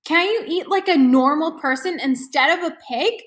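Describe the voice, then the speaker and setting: A woman's voice: high voice, moderate pace, natural voice. A woman voicing a bossy, mocking older sister in a storybook read-aloud. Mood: snide. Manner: snide, teasing.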